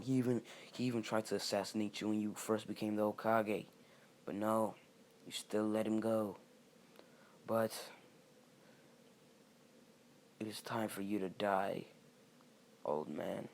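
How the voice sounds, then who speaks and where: A man's voice: lowish voice, slight background noise. A young man voicing a vengeful young male ninja turned evil, speaking in a cold, bitter, contemptuous way.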